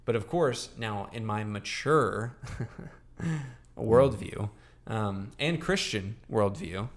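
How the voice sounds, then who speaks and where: A man's voice: on the low side, expressive, takes it slowly. A young man co-hosting a podcast, talking casually and rambling with lots of fillers and restarts. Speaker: podcast co-host. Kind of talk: casual chat.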